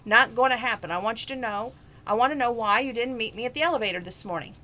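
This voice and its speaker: A woman reading as a brisk, upbeat young woman. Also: on the high side, bright, forceful tone. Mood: insistent.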